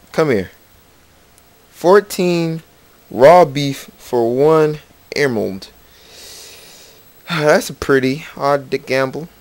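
His voice is clear and resonant at medium pitch as he narrates gameplay for his gaming channel. The casual let's play is rambling and playful, with him addressing the game's characters over faint background music from the game.

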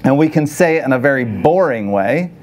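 Man, photography instructor, live lecture, conversational, audience questions, mid pitch, faint background noise. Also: lively intonation, fairly quick, darkish tone.

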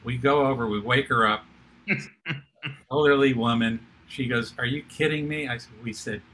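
An older man, a television producer and author, telling an animated anecdote as an interview guest, with frequent restarts. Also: medium pitch, a little slow. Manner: lively storyteller with restarts.

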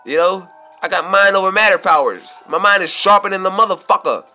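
A man's voice: high voice, a little fast, sharp tone, faint music behind. A man telling a rambling, profane story straight to camera as a vlogger, repeating himself and getting worked up as he goes. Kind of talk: casual storytelling monologue. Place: New York City.

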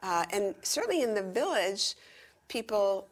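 An older woman being interviewed in a retirement community talks in a chatty, enthusiastic way, speaking in quick bursts. Her voice is medium in pitch and sing-song.

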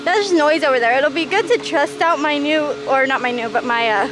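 A woman's voice: sits high, a little fast, background noise. A woman casually vlogging to a handheld camera outdoors, chatty and rambling, laughing often. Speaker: service dog handler vlogger. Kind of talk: casual vlog talking to camera. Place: outdoors at a park, later indoors at a mall. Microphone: handheld camera with wind muff.

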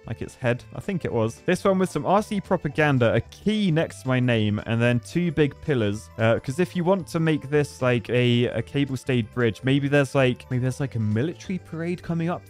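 A man in his thirties talks through a bridge-building game in a playful, chatty way, thinking aloud and jumping into excited yelps. His voice sits at an ordinary middle pitch, with faint music playing under him. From Britain. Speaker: gaming video host.

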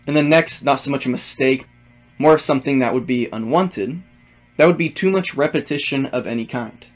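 A man's voice: mid-range voice, brisk. A man teaching music theory, walking through examples methodically and step by step. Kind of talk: explanatory music lesson.

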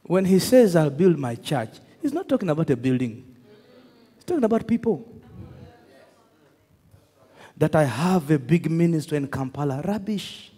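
A man preaching a sermon, telling stories with laughter and shouting out to his congregation. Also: a little high, moderate pace, long pauses. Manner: animated storytelling, laughs, shouts to the crowd. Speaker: pastor. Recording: echoey hall with long reverb.

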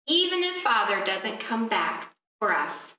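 A woman's voice: medium pitch, sing-song, a little slow, bright, forceful tone, recorded from a distance. A woman voicing a brave young boy reassuring his sister in a read-aloud fairy tale, in an echoey room.

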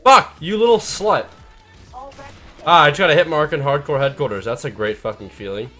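A man giving live, profane gameplay commentary, mostly laid-back and mumbling, bursting into shouts at big plays. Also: on the high side, moderate pace, faint music behind. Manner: profane, swears constantly. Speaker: gaming channel host.

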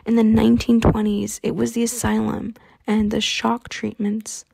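A woman reading an audiobook, voicing a cruel male vampire hunter who speaks in a soft, pleasant, taunting way. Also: fairly high pitch, monotone, normal speed, vocal fry, breathy edge, full character voice.

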